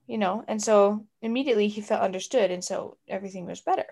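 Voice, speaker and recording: A woman's voice: mid-range voice, quick pace, few pauses, mellow. Young woman talking w her mom, chatty, lots of ums and you knows. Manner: chatty, with many fillers like you know and um. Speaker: grown child of the other speaker. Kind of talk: casual family conversation.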